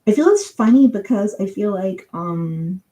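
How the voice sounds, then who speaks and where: A woman's voice: mid-range voice, animated, unhurried, dark tone, rough recording. A woman doing a chatty live-stream tarot reading, thinking aloud with lots of fillers and giggling now and then. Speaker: tarot reader. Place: home.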